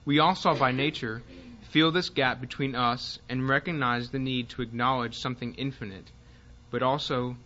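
A man teaching a Bible class, speaking haltingly with fillers and restarts and reading passages aloud with more force. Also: mid-range voice, steady tone, sharp tone, dull audio.

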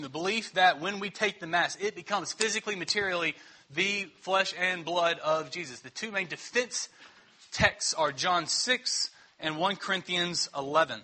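Husky, bright-toned preaching man. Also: fairly high pitch. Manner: conversational teaching, checking in with the congregation. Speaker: pastor. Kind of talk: sermon.

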